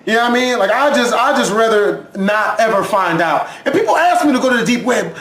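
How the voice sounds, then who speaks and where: A man's voice: extremely high pitch, expressive, fairly quick, few pauses, a bit bright. A man hosting a reaction video, jumpy and profane, laughing as he talks. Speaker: YouTube reaction host. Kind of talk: casual reaction commentary.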